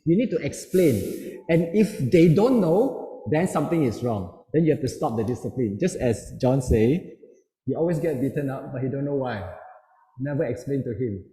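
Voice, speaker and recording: A man's voice: medium pitch, expressive, moderate pace, warm tone. A middle-aged man giving a parenting seminar talk, telling stories and acting out the voices he quotes. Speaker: seminar speaker. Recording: echoey hall with long reverb.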